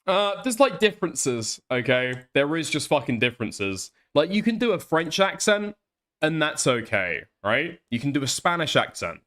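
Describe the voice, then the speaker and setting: A man co-hosts a commentary show, his voice on the high side and his pace moderate. He rants casually and animatedly, swearing heavily throughout this opinionated chat.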